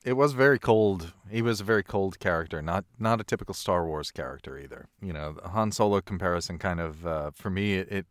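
A man's voice: deep voice, fairly quick, few pauses, no echo. A man co-hosting a podcast, talking casually about a film with wry, dry humor. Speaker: podcast co-host.

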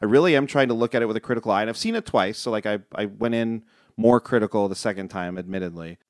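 A man co-hosting a podcast, chatting casually about a film in an animated way, with frequent fillers and restarts. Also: lowish voice, fast talker, no echo, studio quality. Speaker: podcast co-host.

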